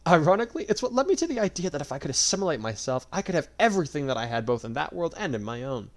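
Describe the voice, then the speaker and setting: A man's voice: on the high side, big pitch swings, racing, voice pushed up. A man doing a smug, cruel dragon god. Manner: mocking, drawling, theatrical.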